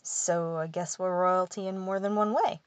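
A woman voicing a curious young man, calm and gently amused, in a storybook reading. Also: on the low side, moderate pace, dry recording, natural voice. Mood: bemused.

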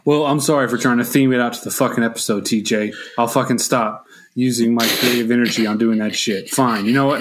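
A man's voice: medium pitch, steady tone, fast, few pauses, slight background noise. A man co-hosting a laid-back movie podcast with a voice in an ordinary middle register. He talks in loose, casual chat and slips into profane, mock-exasperated rants. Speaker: podcast co-host.

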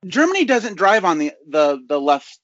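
A man's voice: high-pitched, sing-song, moderate pace, fairly bright tone, no echo, muffled recording. A man co-hosting a podcast in casual chat, wry and hesitant, often stammering on his words. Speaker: podcast co-host.

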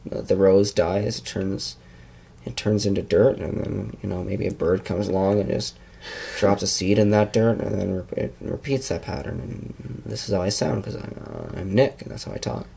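Man playing a brooding young man, low and breathy, slow mournful philosophizing. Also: steady tone, mellow, heavily acted. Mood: mopey.

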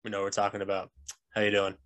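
Man, podcast co-host, casual chat, joking, laid-back, trailing off softly. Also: on the low side, completely flat delivery, very fast.

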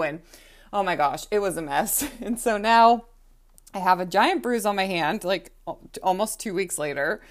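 A woman's voice: medium pitch, expressive, normal speed. A young adult woman telling a personal story in a casual, chatty way, with frequent "like" fillers and acted-out quotes. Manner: chatty, heavy use of "like", acts out quotes.

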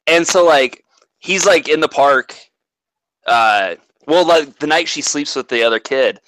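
A man's voice: a little high, lively intonation, unhurried, a bit bright, no echo, low-quality recording. A man in casual chat, animatedly retelling a movie plot and swearing freely.

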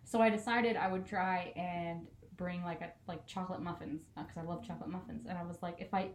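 A woman's voice: on the low side, fairly even intonation, fairly quick, a little hiss or hum. Chatty young woman in an echoey room. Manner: chatty, laughing often, many likes. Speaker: podcast co-host. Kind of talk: casual storytelling chat.

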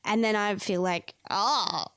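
A woman with a fairly high, lively voice chatting with a friend. She jumps between her plain voice and quick acted-out asides. The recording is dry and close. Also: no room sound. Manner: expressive, acts out her own inner thoughts. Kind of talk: casual chat.

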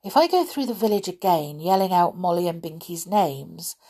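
A woman's voice: lowish voice, expressive, normal speed, dark tone, slightly rough. A woman voicing a brave, eager young boy in a storybook.

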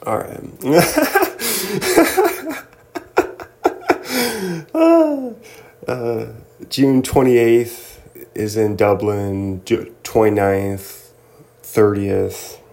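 Slow, joking young man. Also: medium pitch, sing-song, darkish tone. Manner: joking, laughs often, reads a list. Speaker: host. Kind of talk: casual solo commentary.

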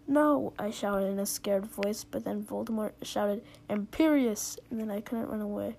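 A woman's voice: mid-range voice, little pitch movement, normal speed, vocal fry, warm tone, a little hiss or hum. Giggly young woman reading dramatically. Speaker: reader. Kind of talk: mock-dramatic reading of fan fiction.

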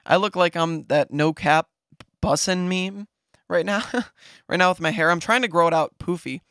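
A young man from Ohio, podcast host, telling a story in an excited, rambling way with lots of fillers. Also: sits high, clear, resonant tone, no room sound, clean studio sound. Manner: excited, fast-talking, lots of fillers and "right?". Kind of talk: casual storytelling.

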